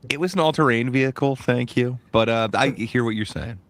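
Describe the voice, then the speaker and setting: A man's voice: mid-range voice, brisk. A man on a podcast panel speaking hesitantly, with many fillers. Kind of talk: casual panel chat.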